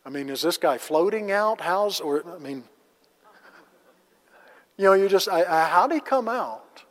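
A man's voice: high voice, lively intonation, measured pace, fairly bright tone. Man teaching a Bible class in a hall. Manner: casual, asks the class rhetorical questions. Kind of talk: conversational Bible lesson. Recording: long reverb of a large hall.

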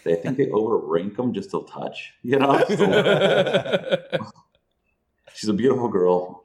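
A man's voice: mid-range voice, unhurried. A man guest on a podcast, telling a story casually with lots of swearing and laughter. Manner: animated, profane, laughing as he tells a story. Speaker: guest, entrepreneur.

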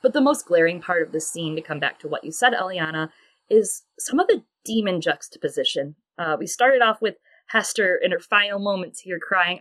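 A woman co-hosting a podcast in casual chat, animated and acting out quoted lines. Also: medium pitch, moderate pace, no room sound. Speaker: podcast co-host.

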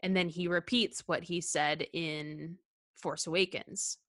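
A woman in casual podcast conversation, her voice sitting a little low and her delivery unhurried and slow. She talks earnestly with frequent hesitations and restarts. She sounds sincere and invested. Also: fairly even intonation, fairly bright tone. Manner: hesitant, many ums and restarts, laughs often; earnest and heartfelt. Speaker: podcast co-host. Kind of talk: casual film discussion chat.

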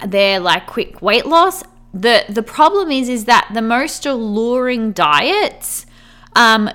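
A woman's voice: mid-range voice, sharp tone. A young woman hosting a casual solo podcast, upbeat and encouraging, talking in a chatty way with lots of "like" as filler. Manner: chatty, heavy use of "like" as filler. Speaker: podcast host.

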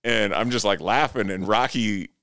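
Man, very deep voice, smooth and clear, dry close sound, rambling profane storyteller. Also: normal speed, pushed and bright, no echo. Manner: rambling, profane, laughing anecdote. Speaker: podcast co-host. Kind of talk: casual storytelling.

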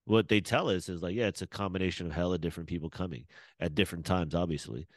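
A man's voice: deep voice, fast, no room sound. A man, rambling and laughing in a casual podcast chat. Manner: rambling, animated, laughs often. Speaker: podcast host.

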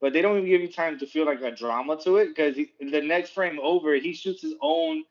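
A man with a somewhat high voice talks over his co-hosts, animated and swearing as he picks apart a film. His audio sounds muffled and lo-fi. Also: a little fast. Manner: animated, bursts in with comments and swearing. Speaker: podcast co-host. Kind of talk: casual movie review chat. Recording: dull lo-fi sound.

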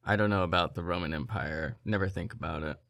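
A man hosting a podcast, telling stories in an animated, incredulous way in casual chat. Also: low voice, fast, vocal fry, no echo, studio quality. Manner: animated, incredulous, laughing storyteller. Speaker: podcast host.

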